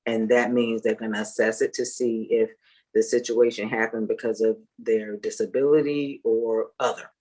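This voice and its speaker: A woman who works as a parent advocate, talking in a measured way with many fillers. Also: extremely low pitch, fairly even intonation, darkish tone, low-quality recording. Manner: measured, full of "um" and "you know". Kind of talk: casual chat.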